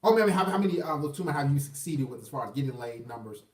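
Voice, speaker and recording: A man's voice: fairly high pitch, animated, quick pace, distant mic, heavy background noise. A man in his thirties hosting a casual call-in live stream, blunt and profane as he urges callers to talk. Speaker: call-in show host. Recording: echoey room, off-mic.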